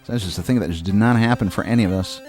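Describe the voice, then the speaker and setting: With a lowish, somewhat mellow voice and a rapid-fire delivery, this thirtysomething from Maine hosts a retro game let's-play. His commentary is loose, swearing, and dry-humored, and faint music plays underneath.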